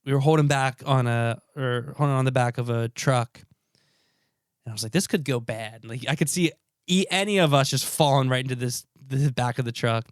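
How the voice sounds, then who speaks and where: A man's voice: medium pitch, brisk, clear, resonant tone, no room sound, studio quality. A man co-hosting a podcast in casual chat, joking and loose, swearing now and then. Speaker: podcast co-host.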